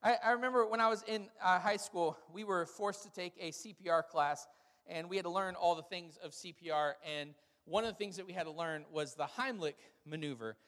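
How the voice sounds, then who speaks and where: A man, a pastor, preaching a sermon with humorous, animated storytelling. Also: high-pitched, fairly quick, in a large hall.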